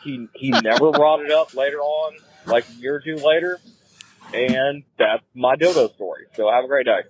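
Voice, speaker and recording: A man with a Southern US accent, a caller telling a laid-back, deadpan story in a voicemail. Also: medium pitch, moderate pace. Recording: muffled voicemail recording.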